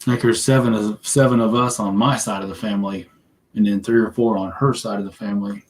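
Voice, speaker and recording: A man chatting casually in a live chat, friendly and quick to laugh. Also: on the low side, steady tone. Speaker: chat guest.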